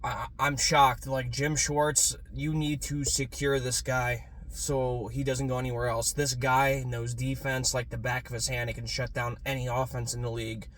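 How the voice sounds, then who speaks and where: A young man rants in a casual sports fan vlog, swearing constantly. His mid-pitched voice drops to a low mutter, then jumps to excited yelling. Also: normal speed, few pauses.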